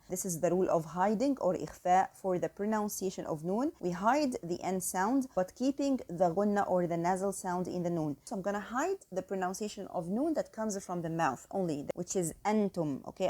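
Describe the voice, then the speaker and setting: A woman teaching tajweed in English, explaining each rule and then reciting the words slowly and carefully to show the right sounds. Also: fairly low pitch, a little mellow. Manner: slow, careful demonstration of Arabic sounds, counting out elongations. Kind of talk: tajweed lesson with recited examples.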